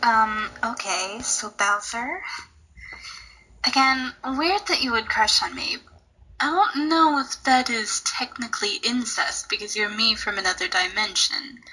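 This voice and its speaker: A woman voicing a haughty female villain, lowering her voice and dropping into whispers. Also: lively intonation, a little slow, pushed and bright, breathy edge, exaggerated voice, low-quality recording. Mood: mocking. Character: haughty lady villain from another dimension.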